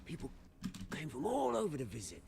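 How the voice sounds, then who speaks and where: A man's voice: on the high side, huge pitch swings, brisk, vocal fry, mellow, a little hiss or hum, heavily acted. An actor with a Cockney accent playing a theatrical, scheming middle-aged man in a video game. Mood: nostalgic. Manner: theatrical, showy, possessive. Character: theatrical scheming middle-aged man, old friend turned gang leader.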